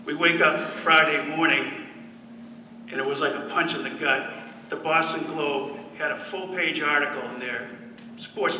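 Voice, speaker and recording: A man's voice: fairly high pitch, sharp tone, slight background noise. A man giving a speech to an audience, telling a story with dry humor. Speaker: former football player giving a speech. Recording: echoey hall from far off.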